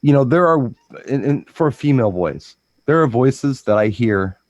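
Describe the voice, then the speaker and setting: A man chatting casually as a DJ co-host, telling stories in a rambling, animated way with lots of restarts. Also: mid-range voice, moderate pace, dry recording, muffled recording. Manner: rambling, animated storytelling with frequent restarts and mimicked voices. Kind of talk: casual chat.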